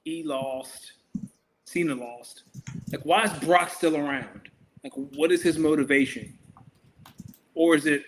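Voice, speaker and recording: A man's voice: fairly high pitch, slow pace, long pauses, a little hiss or hum. A man co-hosting a podcast in casual chat, bantering in a profane, incredulous way.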